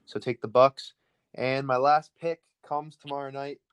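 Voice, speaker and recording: A man co-hosting a casual sports podcast, running quickly through his betting picks. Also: mid-range voice, level tone, a little hiss or hum. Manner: rapid-fire, rattles through picks. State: out of breath.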